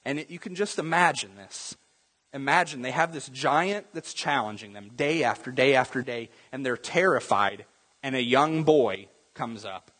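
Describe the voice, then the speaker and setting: A man's voice: medium pitch, moderate pace, a bit bright, husky, in a large hall. A man preaching a sermon as pastor, talking conversationally and acting out Bible scenes in different voices.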